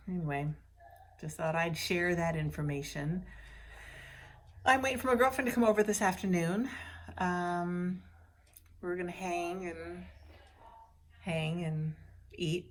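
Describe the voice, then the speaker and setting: A middle-aged woman talking casually to her camera at home, rambling between small stories with frequent laughs. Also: lowish voice. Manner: chatty and rambling, laughs often, coos at her pets. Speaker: vlogger. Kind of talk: casual video diary. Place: at home indoors.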